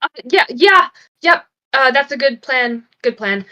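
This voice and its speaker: A woman's voice: high voice, animated, a little slow, sharp tone, heavily acted. A woman voicing a panicky teenage boy, a baker's apprentice, who swears and agrees in a fluster. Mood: panicked.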